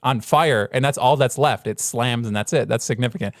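A man's voice: mid-range voice, brisk, dry recording, studio quality. A man co-hosting a podcast about movies, chatting casually and acting out other people in put-on voices. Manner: animated, acts out people in put-on voices, laughs often. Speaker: podcast co-host. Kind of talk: casual chat.

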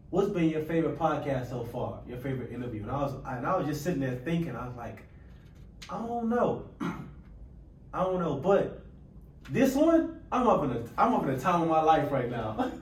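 A man hosting a podcast in casual chat, energetic and hyping his guest up. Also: mid-range voice, recorded from a distance. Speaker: podcast host. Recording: roomy, off-mic, faint hiss.

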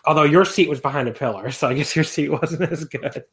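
A man's voice: fairly high pitch, brisk, slightly rough. Give me a young man in casual chat, rambling with fillers and restarts. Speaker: podcast co-host.

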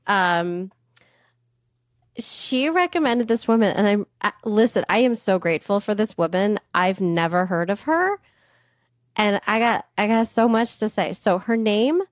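A woman co-hosting a podcast, telling a story in casual, animated chat and swearing freely. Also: medium pitch, a little slow, no echo, studio quality. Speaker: podcast co-host.

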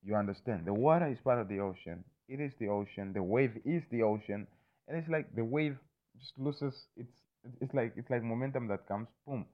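With a mid-range voice and a slightly quick pace, a man rambles casually, circling back to the same points and cursing without restraint. He often asks "you understand me?" to be sure the listener is following, over thin, phone-like audio.

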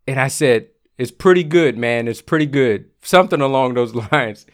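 A man's voice: mid-range voice, expressive, moderate pace. A man who writes about whiskey, casually telling a long anecdote to camera with many fillers and restarts. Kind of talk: casual storytelling.

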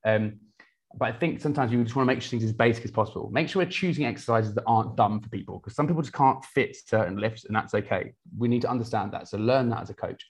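A man, a personal trainer talking casually in an interview, energetic, with many restarts. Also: medium pitch, fast. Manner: energetic, many restarts, quotes clients in lively voices.

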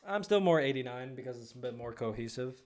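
A man's voice: mid-range voice, expressive, fast, a little mellow. A man co-hosting a podcast in casual chat, rambling with lots of fillers. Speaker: podcast co-host.

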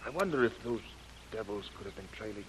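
An actor playing a brisk expedition leader who gives crisp orders, in a 1930s radio drama style. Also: male voice, lowish voice, expressive, a bit bright, slight background noise. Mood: commanding. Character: brisk commanding man leading an expedition. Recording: muffled old radio recording.

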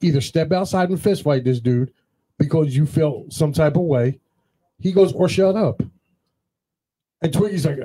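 A man's voice: on the high side, slightly rough. A man co-hosting a show, casually telling anecdotes and acting out what others said. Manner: animated anecdote-teller, acts out quoted dialogue. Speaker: podcast co-host. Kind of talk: casual storytelling chat.

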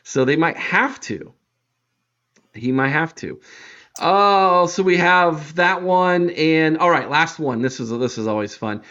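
A man's voice: a little high, expressive, takes it slowly, sharp tone, muffled recording. A man hosting a sports podcast, talking casually with hesitant fillers and restarts. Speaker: podcast host.

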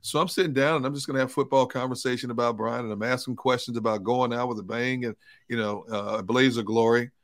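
A man co-hosting a sports talk show, telling a story in a casual, animated way. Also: mid-range voice, fast. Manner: animated storyteller, laughs as he tells stories. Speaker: co-host, sports reporter.

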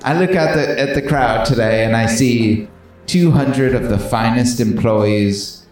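A man's voice: mid-range voice, a little slow, darkish tone, natural voice. A man playing a pompous male chocolate company boss, giving a stately rousing speech in a put-on old-fashioned British royal accent. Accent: old-fashioned British royal style, put on. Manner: grand, stately oratory. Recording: very echoey room, faint music.

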